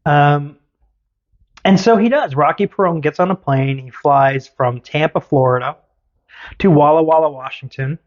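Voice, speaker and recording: A man's voice: on the high side, normal speed, muffled recording. A man hosting a podcast, telling a story in a casual, teasing way. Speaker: podcast host.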